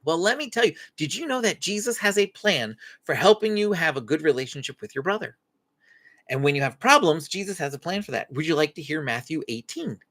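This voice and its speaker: A woman's voice: low-pitched, lively intonation, fairly quick, a bit bright. A woman hosting a faith-based parenting Q&A live stream, acting out short parent-child dialogues as she teaches.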